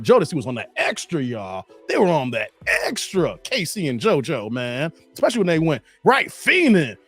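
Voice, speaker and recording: Lively high-voiced man riffing. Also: slightly rough. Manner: animated, breaks into singing song hooks and laughs. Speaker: reaction video host. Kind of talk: casual reaction commentary.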